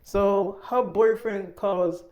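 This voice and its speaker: A man's voice: high voice, steady tone, very slow, lo-fi sound. A man casually narrating an improvised audio story, boastful and full of swearing.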